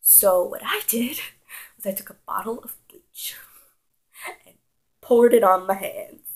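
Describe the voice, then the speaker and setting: A young woman telling a childhood story in a casual, animated vlog style, acting out her own younger self's panic. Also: mid-range voice, measured pace, rough recording. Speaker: vlogger.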